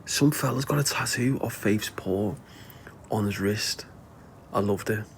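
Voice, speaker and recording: A man's voice: on the low side, unhurried, a little hiss or hum. A man with a Liverpool accent chatting casually to viewers on a livestream, rambling, laughing often and swearing freely.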